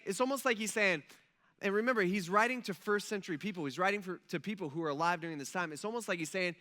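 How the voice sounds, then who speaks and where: A young adult man pastor delivers a relaxed, conversational sermon. He jokes, tosses in fillers and side comments, and keeps things informal. His voice is high and bright. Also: quick pace. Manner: casual, joking storyteller with lots of fillers.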